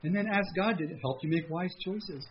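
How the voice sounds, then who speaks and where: A man preaching a sermon as pastor at a church service, animated, with a raised pleading voice when he acts out prayers. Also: high voice, moderate pace, lo-fi sound, slight background noise.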